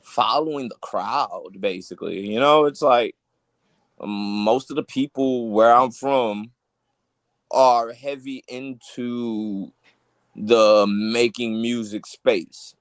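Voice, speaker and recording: A man talking as a musician guest in a casual interview, loose and halting, with lots of fillers and "you feel me" tags. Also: medium pitch, no room sound.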